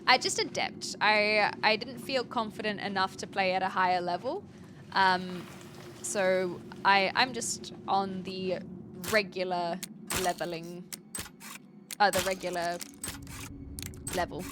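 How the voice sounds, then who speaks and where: A woman's voice: mid-range voice, steady tone, slow pace, pauses often, background noise. A woman from New Zealand with a formal, British-sounding accent and a slight Kiwi twinge, chatting casually while streaming a game. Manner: formal, precise speech. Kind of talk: casual gameplay commentary. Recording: game music playing behind the voice.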